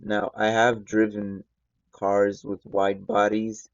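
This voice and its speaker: A man's voice: lowish voice, dry recording, highs cut off. A man hosting a gaming channel, chatting casually over gameplay while feeling unwell after just waking up. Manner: relaxed, rambling, slow. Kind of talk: casual game commentary.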